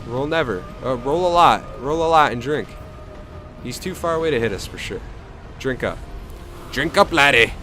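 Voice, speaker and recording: A man hosting a let's play, giving chatty running play-by-play and mocking his own mistakes. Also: medium pitch. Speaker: gameplay host.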